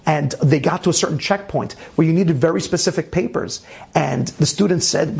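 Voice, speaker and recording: A man telling a story casually, animated, with frequent restarts and laughter. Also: fairly high pitch, moderate pace, gravelly.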